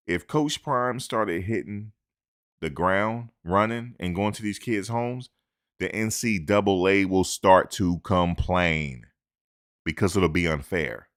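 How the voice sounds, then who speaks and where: A man with a very low voice talks sports straight into a close microphone. He is emphatic and animated, hammering points home by repeating them. He lectures his audience like a fired-up commentator. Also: unhurried. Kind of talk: opinionated sports talk.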